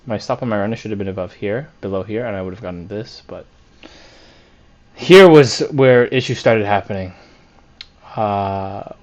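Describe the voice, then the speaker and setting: A day trader with a fairly low voice reviews his week over a screen share, candidly and self-critically dissecting his own trading mistakes. He thinks aloud as he goes, full of fillers and restarts, and the recording has a dull, lo-fi sound.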